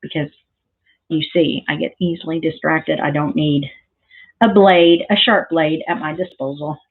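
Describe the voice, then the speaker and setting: A woman with a fairly low voice talks through a crafting project in an easy, meandering way. She drifts into side stories and keeps filling pauses with ums. The recording sounds thin and tinny, like a phone line. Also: steady tone, husky. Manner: rambling, chatty, lots of ums and side stories. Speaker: craft vlogger. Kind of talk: casual crafting tutorial chat.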